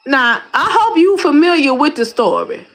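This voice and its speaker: She's a YouTube commentary host from Detroit, speaking at a normal speed in a high, slangy voice while lifting weights, which leaves her slightly out of breath. In this casual chat she addresses viewers directly, animated and exclamatory, circling back to repeated words.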